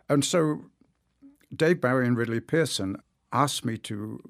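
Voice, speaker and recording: A man speaks in an interview with eager enthusiasm and tells his stories in an animated way. His voice has a gravelly edge, and the sound is dry and close. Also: mid-range voice, no echo. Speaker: audiobook narrator, guest. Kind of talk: interview conversation.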